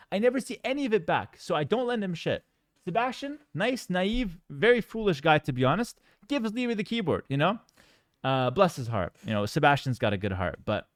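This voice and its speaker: A young man, a pro gamer, casually telling a story about a tournament in a lively, joking, mock-outraged way. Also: high voice, no echo, studio quality.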